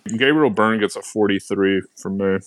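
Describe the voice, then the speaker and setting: Low-voiced man co-hosting a podcast. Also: moderate pace, no echo. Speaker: podcast co-host. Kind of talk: casual podcast chat.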